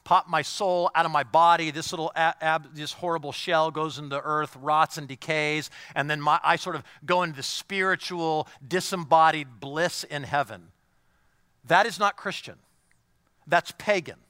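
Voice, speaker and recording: A man preaching a sermon to a congregation, asking them direct questions and swinging between hushed, near-whispered intimacy and raised, emphatic declarations. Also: fairly high pitch, fairly even intonation, moderate pace, clean tone, no room sound, studio quality. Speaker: pastor.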